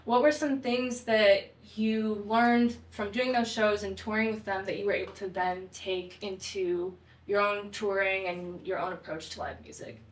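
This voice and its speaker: A woman's voice: medium pitch, fairly even intonation, measured pace. A young woman hosting a casual interview, upbeat and chatty, often agreeing with her guest. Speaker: interviewer, show host. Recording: echoey room.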